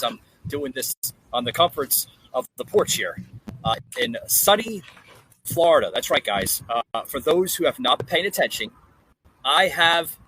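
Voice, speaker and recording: A man's voice: mid-range voice, bright, forceful tone, slight background noise, low-quality recording. A man hosting a podcast, talking casually outdoors on a porch and hedging his words with lots of fillers. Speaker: podcast host.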